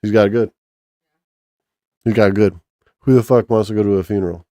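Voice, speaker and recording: A man's voice: on the low side, fairly even intonation, a little fast, dark tone, dry recording. A man casually chatting on a stream, rambling and joking crudely with lots of restarts. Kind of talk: casual profane chat with chat and co-host.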